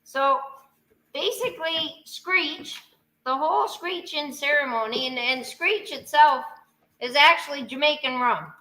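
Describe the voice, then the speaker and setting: Woman, Newfoundland accent, high bright voice, joking storyteller, video call. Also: a little slow, poor audio. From Newfoundland, Canada. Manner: lively, teasing storyteller leading a toast. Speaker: guest. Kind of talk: joking live-stream chat.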